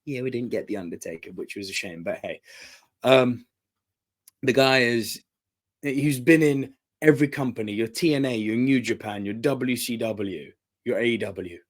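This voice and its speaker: A man in his thirties hosting a wrestling review, talking with excitement and breaking into laughter and high exclamations. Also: normal speed. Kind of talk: enthusiastic review monologue.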